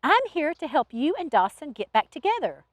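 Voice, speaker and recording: This is an earnest young woman, an angel in training, with a Southern accent and a pleading, apologetic way of talking, as a woman storyteller puts her on. Her voice sits high and swings widely through each line. It is a close, dry recording. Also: big pitch swings, normal speed, no echo.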